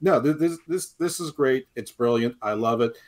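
A man's voice: mid-range voice, moderate pace. A man co-hosting a wrestling podcast, talking in a rambling, emphatic way and criticizing the show. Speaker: podcast co-host. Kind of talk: casual wrestling talk.

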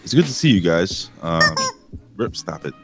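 Lively, bombastic male podcast host. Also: low voice, normal speed. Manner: bombastic announcer-style hype, profane. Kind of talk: casual podcast chat.

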